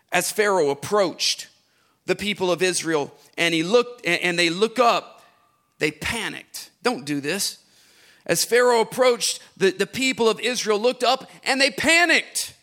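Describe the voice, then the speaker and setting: Male pastor, high and bright, sing-song sermon that drops to a hush and climbs to shouts. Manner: swings from hushed to shouting, repeats lines, sing-song preaching cadence.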